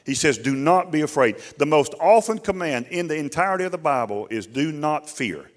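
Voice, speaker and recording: A man with a somewhat high voice preaches a sermon. He leans on repetition and rhetorical questions. His phrasing is folksy and drawling. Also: lively intonation, brisk. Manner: repeats key phrases and asks the congregation questions.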